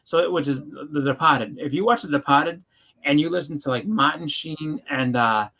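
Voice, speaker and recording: Bright-voiced man chatting. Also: fairly high pitch, animated, moderate pace, creaky. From Boston. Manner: loose, filler-heavy storytelling. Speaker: podcast co-host. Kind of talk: casual chat.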